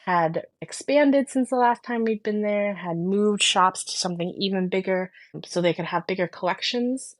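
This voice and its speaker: A woman's voice: mid-range voice, moderate pace. A woman hosting a podcast in casual chat, talking enthusiastically in long flowing sentences. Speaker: podcast host.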